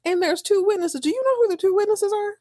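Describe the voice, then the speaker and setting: A woman hosting a podcast, recapping a soap opera in an animated, slangy way. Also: very high-pitched, fast talker, dry recording, studio quality. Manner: animated, slangy, laughing storyteller. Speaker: podcast host.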